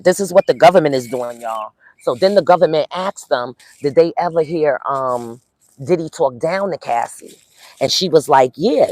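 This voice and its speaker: Walking outdoors near a courthouse with her phone in hand, a tired woman hosts a casual livestream recapping the court day. She chats with viewers in a low-pitched voice, full of ums and you-knows, and there's no echo.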